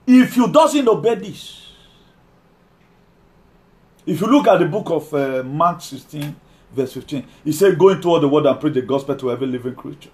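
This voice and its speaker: A man preaching a sermon, emphatic, repeating key lines and slowing down to read scripture. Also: a little high, darkish tone.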